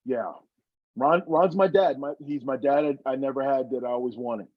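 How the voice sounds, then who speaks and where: A man's voice: medium pitch, moderate pace, no room sound, highs cut off. A man, a former wrestler, telling stories from his career in an interview, earnest and emotional with many restarts. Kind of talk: reflective interview storytelling.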